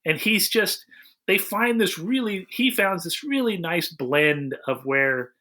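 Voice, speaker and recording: A man's voice: sits high, takes it slowly. A man co-hosting a podcast, rambling through a casual movie review with lots of restarts. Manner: rambling, restarts often, animated retelling. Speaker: podcast co-host.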